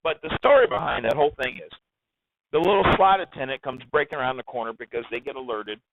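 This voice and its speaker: Animated male storyteller on a muffled line. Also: mid-range voice, fast, heavy background noise. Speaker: guest. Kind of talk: casual storytelling.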